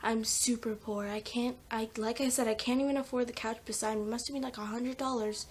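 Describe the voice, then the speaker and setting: A woman's voice: on the high side, steady tone, a little fast, husky. A teenage girl in a casual comedic vlog, rambling and self-mocking, sometimes dropping into whispers, filmed on a phone at home. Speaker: vlogger. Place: home, by a sunny patio door. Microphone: phone camera taped to a patio door.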